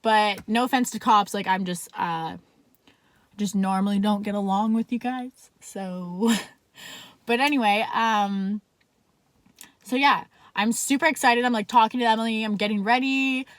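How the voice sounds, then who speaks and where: A woman's voice: medium pitch, steady tone, unhurried, no room sound. A young woman telling a story in a casual vlog, talking chattily with constant "like" fillers and plenty of swearing. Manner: chatty, fills speech with "like", swears freely.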